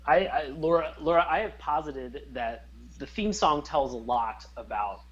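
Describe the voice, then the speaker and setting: A man co-hosting a podcast in casual chat, rambling and animated as he searches for words. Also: fairly high pitch, unhurried, muffled recording. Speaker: podcast co-host.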